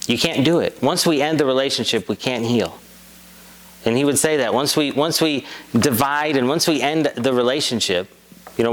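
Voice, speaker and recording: Priest, man, mid-pitched voice, earnest measured sermon delivery with repetition. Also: fairly bright tone, rough recording.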